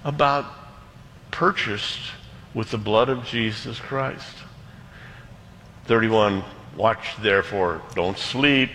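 Emphatic preaching man, bright voice. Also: medium pitch. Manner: emphatic, dramatic slowdowns, quick asides. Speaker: pastor. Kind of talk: sermon. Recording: long hall reverb.

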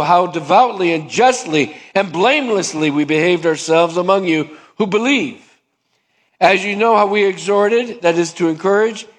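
Male pastor, fairly high voice, conversational sermon with voiced back-and-forth. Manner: conversational preaching, acts out both sides of dialogues.

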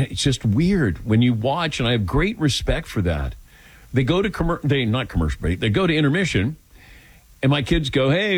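A man's voice: mid-range voice, breathy edge, no room sound. An older man hosting a radio call-in show, telling self-deprecating stories and acting out quotes in a casual chat. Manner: self-deprecating, animated storytelling with acted-out quotes. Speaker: radio talk show host.

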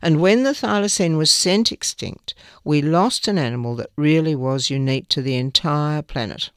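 A man's voice: a little high, moderate pace, a bit bright, clear, resonant tone, no echo, studio quality. A man reading newspaper articles aloud, with small slips now and then. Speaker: newspaper reader.

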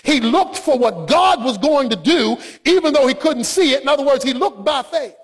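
A male preacher delivering an impassioned sermon that often rises to shouting. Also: very high voice, expressive, normal speed.

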